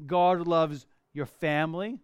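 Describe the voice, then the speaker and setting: A man preaching a sermon, reading scripture aloud and explaining it with expressive, emphatic bursts. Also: a little high, takes it slowly, clean tone, no echo, clean studio sound. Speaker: pastor.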